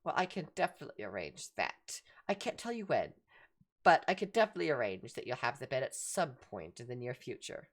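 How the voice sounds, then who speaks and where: A woman voicing a mysterious magical cat that speaks in a calm, formal, measured way. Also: very deep voice, pitched below the performer's own voice, exaggerated voice. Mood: brisk, dismissive.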